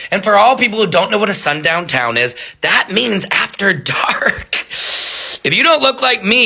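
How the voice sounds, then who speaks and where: A man's voice: high voice, gravelly, sharp tone. A man giving direct-to-camera commentary as a social media commentator, exclaiming and firing questions at his viewers.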